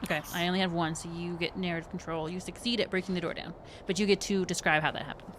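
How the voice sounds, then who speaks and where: A woman's voice: on the low side, fairly even intonation, fast talker, slight background noise. A woman running a tabletop game as game master, patiently explaining the rules and laughing often.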